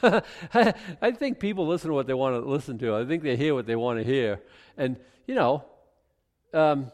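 A man's voice: mid-range voice, lively intonation, moderate pace, a little mellow. A man giving informal verse-by-verse Bible teaching in a conversational way, often restarting and adding asides. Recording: long hall reverb.

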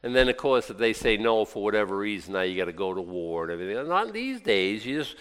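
A man preaching in a low voice, loose and folksy, drifting into asides before finding his point again. The sound carries a long hall reverb behind it. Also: sing-song, fast, hardly any pauses, clear, resonant tone. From United States. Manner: folksy, rambling, self-interrupting with asides. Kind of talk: conversational sermon.

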